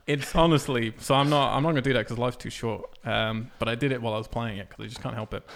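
A man rants in a loose, conversational way, swearing freely and laughing through his complaints. His pitch sits right in the middle for a man. He sounds like one regular voice trading jokes with friends on a casual chat show. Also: fast, gravelly. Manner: animated, profane ranting with laughs.

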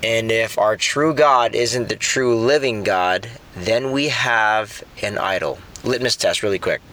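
A man's voice: on the low side, a little slow, a bit bright, a little hiss or hum. A middle-aged man preaching a sermon in a conversational way, often repeating words while he thinks. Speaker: pastor.

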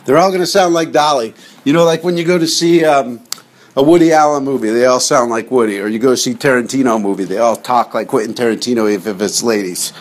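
A man's voice: medium pitch, fast talker. A man hosting a podcast, rambling jokingly and calling his listeners gang while he watches TV clips. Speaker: podcast host. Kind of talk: casual comedic monologue over TV clips.

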